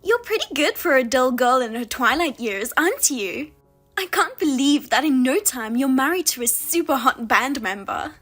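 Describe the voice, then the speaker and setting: A woman's voice: sits high, lively intonation, normal speed, a bit bright, faint music behind. A woman voicing a smug, spiteful younger sister in a story reading, taunting and gloating. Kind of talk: audio drama reading.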